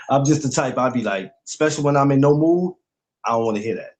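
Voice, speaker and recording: A man's voice: medium pitch, moderate pace, a little mellow. A man hosting a podcast, chatting in a blunt, laid-back way. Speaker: podcast host. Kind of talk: casual chat.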